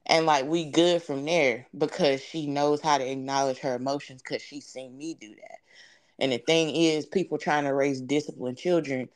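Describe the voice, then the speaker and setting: A woman's voice: low voice, fairly even intonation, normal speed. A young woman speaking as a podcast guest, telling her story in an earnest, reflective way with many fillers. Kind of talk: candid conversational storytelling.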